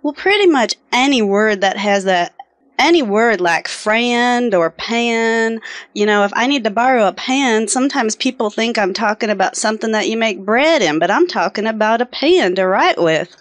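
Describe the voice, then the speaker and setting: A woman's voice: medium pitch, lively intonation, normal speed, no room sound. A woman from Texas with a Texan accent, talking casually and stretching her words. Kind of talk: casual monologue.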